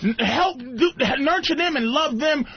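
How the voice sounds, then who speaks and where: A man's voice: very high-pitched, unhurried. A male comedian talking as a guest on a radio show, telling profane stories and acting out quotes with lots of energy. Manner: profane, animated storytelling with acted-out quotes. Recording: lo-fi radio broadcast.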